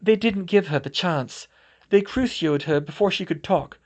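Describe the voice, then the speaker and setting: Man doing a cold blunt young woman student, matter-of-fact, raised pitch, audiobook. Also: moderate pace, lightly acted.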